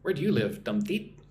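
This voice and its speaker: A man's voice: medium pitch, a little hiss or hum. An American man in his forties, an English teacher hosting a live-stream lesson, chatting casually as he reads viewer comments aloud and answers them. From United States. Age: 40s.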